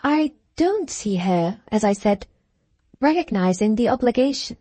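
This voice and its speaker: A poised, shrewd Victorian society hostess, as a woman reader gives her voice, speaking in a rather high, mellow tone. Her phrasing is measured and knowing, often drawn out. The sound is dry and close. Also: expressive, dry recording.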